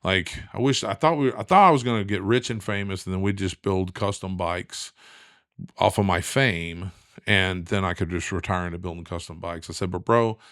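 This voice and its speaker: A middle-aged man telling a long story in a lively, casual way, acting out the voices of the people in it. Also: deep voice, moderate pace, no room sound, studio quality. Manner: animated, acts out quoted voices. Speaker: guest.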